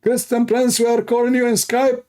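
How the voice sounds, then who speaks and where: A man mimicking a shrill, smug male challenger. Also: monotone, moderate pace, mellow. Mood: mocking. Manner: shrill mocking taunt. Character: taunting adult male debate challenger, smug.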